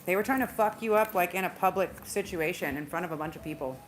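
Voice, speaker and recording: A woman's voice: on the low side, quick pace, soft background music. Woman with a slight Southern drawl. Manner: chatty, emphatic, repeats phrases, speeds up and stumbles at times. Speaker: tarot reader. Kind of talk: casual spiritual tarot reading.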